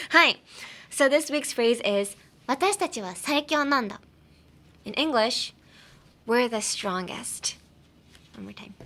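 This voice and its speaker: A woman's voice: medium pitch, fairly bright tone. Giggly, chatty woman podcast host. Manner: chatty and playful, giggling often, with many fillers. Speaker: podcast host teaching English. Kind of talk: casual language-lesson podcast.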